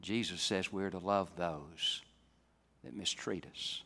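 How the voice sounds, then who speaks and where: A man preaching a sermon, swinging from loud, emphatic climaxes down to soft, low passages. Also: takes it slowly. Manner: dynamic, rising to loud emphatic peaks then dropping soft. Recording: reverberant hall.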